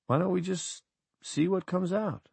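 A wry, blunt older man who teases and coaxes in a hushed voice, as a male audiobook narrator puts him on. His tone sits clearly higher than the narration. The sound is close and dry. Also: moderate pace, no room sound.

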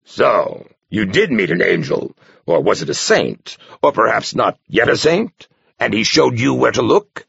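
Male reader as a blustering, mocking older abbot, gravelly and lively in an audiobook. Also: lowish voice, measured pace, no room sound, dull audio, pitched above the performer's own voice, exaggerated voice. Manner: roaring, growling, mocking.

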